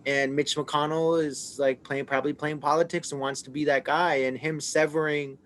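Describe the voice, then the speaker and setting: A man's voice: fairly high pitch, flat delivery, normal speed, a bit bright, a little hiss or hum. A man on a podcast panel, talking through politics casually and hesitantly, with many fillers and restarts.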